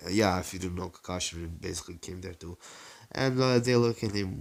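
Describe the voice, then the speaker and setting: A man's voice: deep voice, a little fast. A man casually telling a fan-made story, rambling and profane. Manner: rambling, profane, full of fillers.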